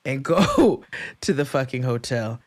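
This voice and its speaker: A man co-hosting a podcast, telling a long story in casual chat, acting out quotes in high voices and laughing often. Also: big pitch swings, measured pace, dry recording, studio quality. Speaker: podcast co-host.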